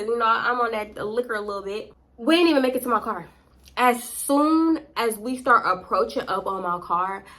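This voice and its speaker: Animated, bright-voiced woman. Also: a little high. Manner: animated, profane, slangy, dramatic. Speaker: vlogger. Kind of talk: casual storytime. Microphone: close to camera.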